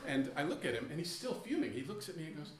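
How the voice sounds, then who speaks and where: A man telling a funny personal story on stage, self-mocking, with many halting restarts. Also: a little high, big pitch swings. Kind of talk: live storytelling to an audience. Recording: echoey room, distant mic.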